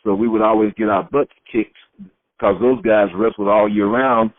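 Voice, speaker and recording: A man's voice: on the low side, moderate pace, dry recording. A middle-aged man from Florida, a retired wrestler, telling his stories in a shoot interview and acting out the voices of people he quotes. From Florida, USA. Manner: lively storyteller who acts out quoted voices. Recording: tinny phone-like line, dry.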